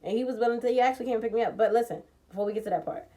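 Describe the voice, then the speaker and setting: A young woman in a casual storytime vlog, telling a personal story in a heated, profane, animated way and acting out the dialogue. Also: fairly high pitch, racing.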